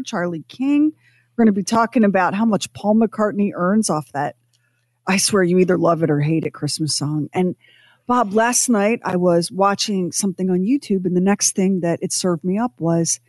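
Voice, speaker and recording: A chatty woman co-hosts a radio talk show and tells stories with small put-on voices along the way. Her voice sits at a medium pitch. The sound is dry and close, with no room around it. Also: darkish tone, dry recording. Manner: chatty, storytelling, mimics voices. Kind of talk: casual chat.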